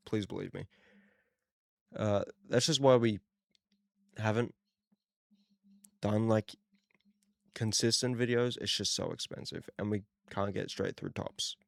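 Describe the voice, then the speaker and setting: Young Australian guy, low and gravelly, laid-back self-deprecating chatter; dry, close recording. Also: no room sound. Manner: relaxed, rambling, self-deprecating. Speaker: card-opening channel host. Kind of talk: casual card-opening commentary.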